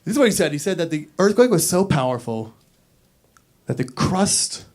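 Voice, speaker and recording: A man working a stand-up set in a comedy club, talking into a handheld stage mic. His voice sits a touch high for a man. He is brash and profane, jumping from shouted punchlines to low, mumbled asides. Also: big pitch swings, normal speed. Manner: brash and profane, swinging between loud bursts and mumbled asides.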